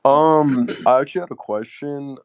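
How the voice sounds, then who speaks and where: A man's voice: medium pitch, moderate pace, a little mellow, smooth, no room sound, clean studio sound. A man from Canada with a Canadian accent, calling into a show, speaking hesitantly and needling the host. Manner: hesitant, trolling. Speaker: caller.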